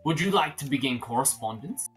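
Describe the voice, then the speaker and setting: A man's voice: mid-range voice, lively intonation, brisk, soft background music, lightly acted. Man doing a posh, flirtatious male adventurer. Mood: courtly. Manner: posh, courtly.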